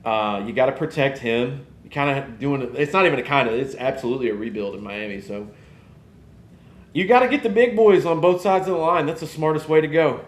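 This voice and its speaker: A man, hosting a casual live podcast and rambling in an animated way. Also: mid-range voice, fairly quick, roomy sound. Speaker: podcast host. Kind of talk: casual live-stream chat.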